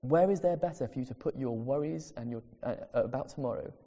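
A man preaching a sermon in a church, earnest and emphatic, slowing down on key phrases. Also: medium pitch, dark tone. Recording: long reverb of a large hall.

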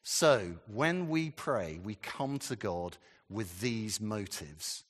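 A man's voice: lowish voice, animated, slow pace. A man preaching a sermon in a conversational, rambling way, full of asides and questions to the congregation. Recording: long reverb of a hall.

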